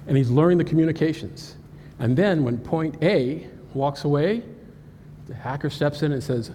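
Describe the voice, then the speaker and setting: An animated man presents on cybersecurity to a live audience. He jokes often and asks the crowd questions. His voice sits a little high for a man and carries a long hall reverb over faint room ambience. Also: normal speed, slight background noise. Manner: animated and joking, talks straight to the audience. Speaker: cybersecurity speaker. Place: conference hall.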